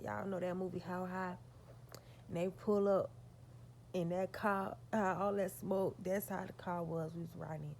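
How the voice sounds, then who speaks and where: Woman vlogger, low gravelly voice, profane, emphatic storyteller. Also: a little mellow, a little hiss or hum. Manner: profane, emphatic, talks straight to her audience. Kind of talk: storytelling to her viewers.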